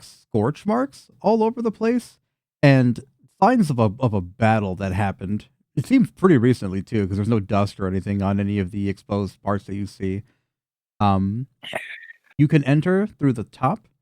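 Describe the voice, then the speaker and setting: A man with a warm, smooth voice narrates a tabletop game as its game master, sketching scenes loosely and restarting his sentences often. He sounds close to the mic in a dry room. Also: fairly low pitch, dry recording. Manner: loose, rambling description with frequent restarts and fillers.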